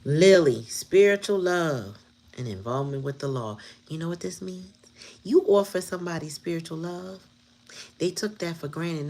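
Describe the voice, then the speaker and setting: A woman's voice: low voice, darkish tone. A woman giving a casual tarot reading, blunt and profane, talking straight to her viewers and laughing often. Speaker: tarot reader.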